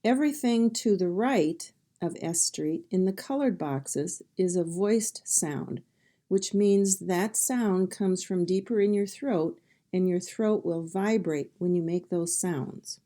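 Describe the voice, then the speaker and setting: A woman's voice: on the low side, slow pace, dark tone. A woman teaching a phonics lesson, sounding out words one sound at a time and then saying each word whole.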